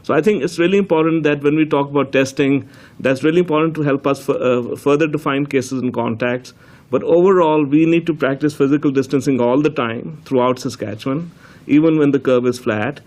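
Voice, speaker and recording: A middle-aged man, a public health officer, explaining things in a measured way with frequent fillers at a press briefing. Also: fairly high pitch, a little mellow. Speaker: chief medical health officer.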